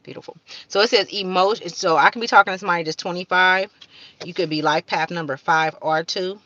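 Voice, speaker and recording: Bright-voiced woman reading oracle cards. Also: fairly low pitch, a little fast, no room sound, muffled recording. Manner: fervent, slangy, swears, stumbles reading aloud. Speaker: card reader. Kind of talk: casual spiritual card-reading vlog.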